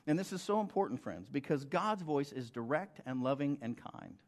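A middle-aged American pastor preaches in a casual, conversational voice, checking in with his congregation and tossing them rhetorical questions. His voice is medium-pitched and animated, at a normal speed.

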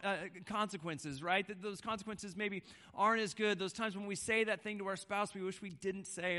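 A man's voice: high voice, bright, forceful tone. A man in his thirties preaching a conversational sermon, often repeating words and checking in with "right?". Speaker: pastor.

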